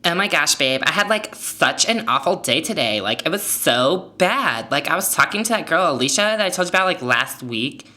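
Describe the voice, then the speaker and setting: A woman's voice: deep voice, expressive, moderate pace, few pauses, pushed and bright. A woman playing a self-absorbed young girlfriend who rambles on with lots of "like" fillers. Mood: gossipy. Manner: rambling, filler-heavy valley-girl chatter.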